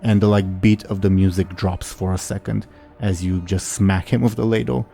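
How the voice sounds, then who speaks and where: A young man with a low, mellow voice runs a tabletop game, describing the action in a loose, halting way full of fillers. Soft music plays behind him. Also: fairly even intonation, creaky. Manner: casual, halting, frequent fillers. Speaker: game master.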